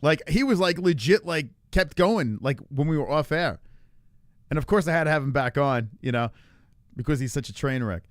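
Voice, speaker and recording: A man hosting a casual livestream, telling stories in an animated, profane way. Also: fairly high pitch, moderate pace. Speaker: host.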